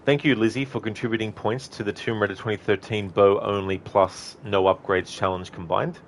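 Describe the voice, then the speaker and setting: A man with a deep, low-pitched voice talks through a live gameplay stream. He chats easily with viewers, reads their messages and thanks them, often pausing on an um or correcting himself partway through a sentence. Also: fairly even intonation, a little hiss or hum. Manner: frequent ums and self-corrections. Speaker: livestreamer. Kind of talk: casual live game-stream commentary.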